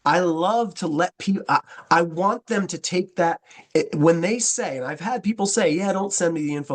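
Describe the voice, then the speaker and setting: A man coaching a sales team, talking fast and acting out both sides of phone calls as he goes. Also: a little high. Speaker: network marketing trainer. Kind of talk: coaching talk with sample scripts.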